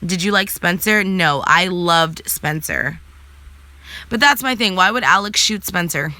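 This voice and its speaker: A young adult woman answers viewer comments in a loose, sassy live chat, blunt and quick to swear. Her voice is bright and forward. It sits close and dry, with no room sound. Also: fairly low pitch, dry recording.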